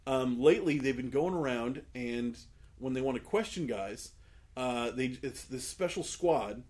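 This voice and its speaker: A man's voice: medium pitch, measured pace. A man telling a long story in casual podcast chat, acting out the people in it and often laughing. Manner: animated, acts out quoted people, laughs often. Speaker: podcast co-host.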